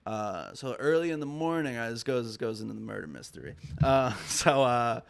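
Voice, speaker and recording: A man's voice: medium pitch, animated, normal speed, gravelly, smooth. A man as a podcast guest, telling a long story casually with lots of swearing and fillers. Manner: rambling, profane, heavy on "I'm like" and fillers.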